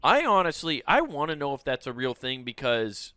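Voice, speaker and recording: A man co-hosting a comedy podcast, joking loosely, laughing a lot and swearing, often slipping into quick silly voices. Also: mid-range voice, big pitch swings, sharp tone, dry recording, clean studio sound. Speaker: podcast co-host. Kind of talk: casual comedic chat.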